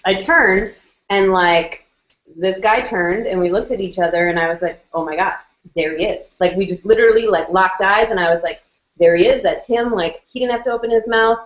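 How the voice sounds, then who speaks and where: A woman's voice: medium pitch, lo-fi sound. Chatty woman on a roomy video call. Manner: chatty, lots of "like" and "um", acts out quoted lines. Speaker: guest telling her story. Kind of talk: casual storytelling on a video call.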